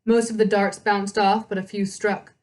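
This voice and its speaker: A woman hosting a read-aloud, reading a novel with chatty asides and quick self-corrections. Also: mid-range voice, little pitch movement, a little mellow.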